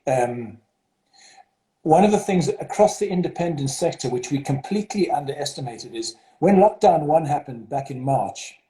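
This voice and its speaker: A mellow-voiced man with a South African accent speaks as a headmaster in an interview. He hesitates often, with fillers and restarts, and his voice sounds echoey in a roomy space. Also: a little high, animated, normal speed. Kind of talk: interview over video call. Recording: roomy echo.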